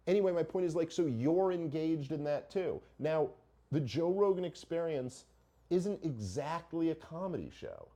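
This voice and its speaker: A man's voice: fairly high pitch, expressive, moderate pace, warm tone. A middle-aged man hosting a podcast, arguing his point in casual, profane chat full of rhetorical questions. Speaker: podcast host.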